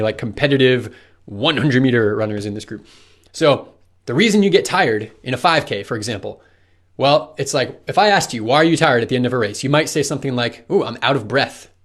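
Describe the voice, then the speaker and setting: A man explaining running science to the viewer in a loose, conversational coaching talk, asking rhetorical questions. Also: medium pitch.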